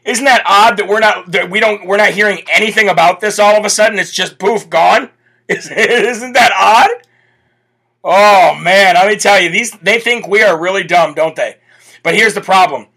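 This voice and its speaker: A male political talk host with a high, keen voice. He speaks brashly and mockingly, piling up rhetorical questions. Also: normal speed, sharp tone, husky. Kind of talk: opinionated live commentary.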